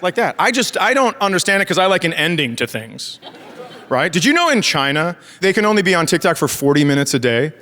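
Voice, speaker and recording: A man's voice: high voice, animated, a little fast, sharp tone. A man in his forties doing a stand-up comedy set, telling sarcastic family stories and acting out the dialogue, on a handheld stage mic. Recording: live show with crowd laughter. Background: audience laughter.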